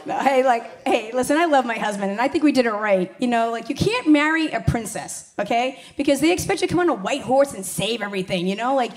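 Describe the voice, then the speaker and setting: A woman's voice: fairly high pitch, lively intonation, fast, few pauses. A woman in her forties doing a blunt, profane stand-up comedy set.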